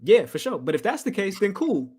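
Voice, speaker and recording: A man co-hosting a podcast, chatting casually. His voice sits a little high, and his talk is loose and slangy, with quick laughs. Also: very animated, a little mellow, slightly rough. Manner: laid-back slangy banter, quick laughs. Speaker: podcast co-host. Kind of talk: casual chat.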